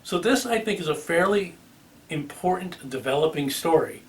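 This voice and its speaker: A man's voice: on the high side, animated, moderate pace, distant mic, a little hiss or hum. A man with a Boston accent hosting a car channel, talking casually to the camera with ums and restarts. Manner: chatty, with filler ums and restarts.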